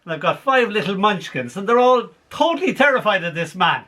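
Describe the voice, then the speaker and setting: A man reading his poems aloud to a small group over a video call, in an animated way with frequent laughs. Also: high-pitched, fairly quick. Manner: animated, laughs between lines. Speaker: poet. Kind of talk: poetry reading.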